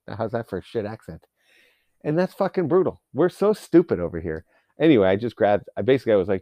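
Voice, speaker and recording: A man ranting alone into a close, dry mic with no room sound. His talk is loose and rambling, and he swears freely. His pitch sits in an ordinary middle range, and his tone stays sarcastic throughout. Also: very animated, fast talker, mellow, no room sound. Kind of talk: casual solo rant.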